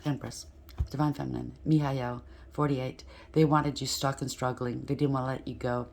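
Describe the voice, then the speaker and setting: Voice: mid-range voice, level tone, moderate pace, gravelly, a little mellow. A tarot reader gives a casual reading aloud and talks straight to the listener, checking in over and over as the cards come up. The speaker trips over words at times and starts again. Faint noise sits under the voice. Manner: addresses the listener directly with frequent rhetorical checks; stumbles and restarts while talking.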